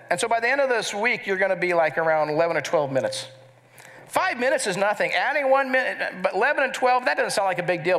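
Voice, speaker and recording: A man's voice: high voice, fairly bright tone. A middle-aged man preaching a sermon as pastor, earnest, and asking the congregation to repeat key words with him. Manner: earnest, leads the congregation in call-and-response.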